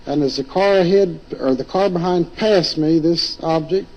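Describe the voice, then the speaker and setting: A man recounting an encounter as an eyewitness, in a plain, halting way that keeps correcting itself. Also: a little high, a little mellow, low-quality recording.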